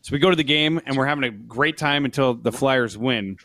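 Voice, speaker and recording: A man's voice: mid-range voice, a little fast, pushed and bright, no room sound. A man co-hosting a podcast, telling a rambling story in casual chat, laughing as he goes. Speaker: podcast co-host.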